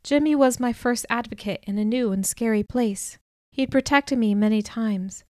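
A woman narrating a first-person audiobook in an even, clear storytelling manner on a close studio mic. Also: a little high, moderate pace, dry recording.

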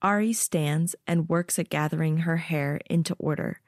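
A woman narrating an audiobook and hosting its podcast, reading with steady, expressive storytelling. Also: low-pitched, moderate pace, no echo, studio quality.

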